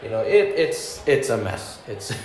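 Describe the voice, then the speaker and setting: A man's voice: lowish voice, sing-song, unhurried, echoey room, faint music behind. A man doing stand-up, telling work stories, laughing at his own jokes and acting out other people's lines in raised voices. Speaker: stand-up comedian. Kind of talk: stand-up storytelling.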